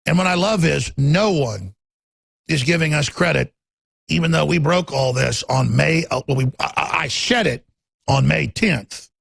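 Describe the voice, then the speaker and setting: Gravelly, husky man in a heated studio rant. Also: on the high side, unhurried, a bit bright. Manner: ranting, repeats words, acts out quotes in raised voices. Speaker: talk radio host. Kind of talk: heated political monologue.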